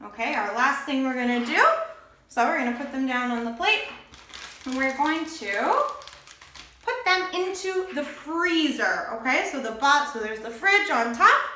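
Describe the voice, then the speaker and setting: A woman's voice: high-pitched, animated, moderate pace, pushed and bright, echoey room, a little hiss or hum. A young woman hosting a cooking lesson for English learners, bubbly and checking in with her viewers again and again. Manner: bubbly, checks in with "okay?" often. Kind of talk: cheerful teacher-like cooking demo.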